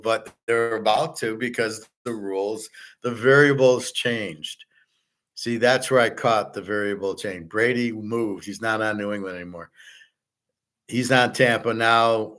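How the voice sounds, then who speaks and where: Swearing and replying to chat, a host rambles bluntly through a casual stream on betting and gold. He speaks on the low side with a fairly bright tone.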